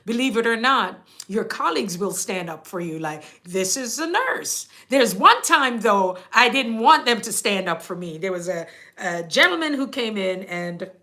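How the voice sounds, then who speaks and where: A woman's voice: medium pitch, bright, forceful tone. A middle-aged Jamaican woman, a nurse, telling workplace stories in a chatty way, often laughing and quoting people. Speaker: nurse and channel host. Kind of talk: casual storytelling monologue.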